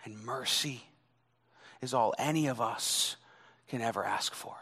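Slow, bright-voiced male preacher in a reverberant hall. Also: medium pitch, creaky, slightly rough. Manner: dramatic, swinging from loud emphasis to hushed near-whisper. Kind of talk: sermon.

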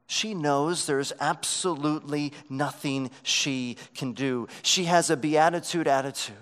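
High-voiced slow preacher in a reverberant hall. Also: male voice. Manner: preaching with emphatic swells and dropping to quiet lows. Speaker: pastor. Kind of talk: sermon.

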